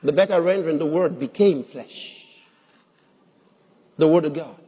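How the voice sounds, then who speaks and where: A man's voice: a little high, a little slow, warm tone, slightly rough. A man preaching a sermon as pastor, emphatic, putting rhetorical questions to his congregation. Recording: dull sound with long hall reverb.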